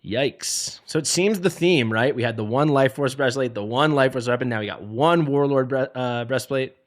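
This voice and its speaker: A man's voice: mid-range voice, fairly quick. A man streaming a mobile game live, joking and playfully dramatic as he sorts through gear. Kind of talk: live gameplay commentary.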